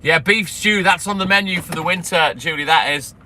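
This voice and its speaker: A man's voice: a little high, fairly quick, pushed and bright. A chatty, friendly man on his milk round, rambling casually to live viewers. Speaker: milkman streamer. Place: outdoors by a vehicle on a milk round. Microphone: phone. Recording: noisy outdoor phone stream. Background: street and vehicle noise.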